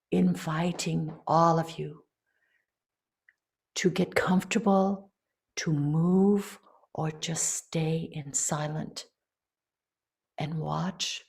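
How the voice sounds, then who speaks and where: Slow, soft-spoken woman guiding meditation. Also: fairly low pitch, vocal fry. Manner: soft, slow, drifting into whispers. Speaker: ceremony leader. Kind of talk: guided meditation.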